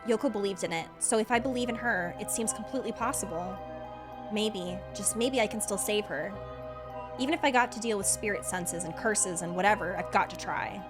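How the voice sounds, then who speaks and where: A woman voicing a shaken young protagonist grieving a friend, reading the game dialogue aloud in a hushed, earnest, halting way. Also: medium pitch, music in the background, close to an everyday voice. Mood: grim, hushed.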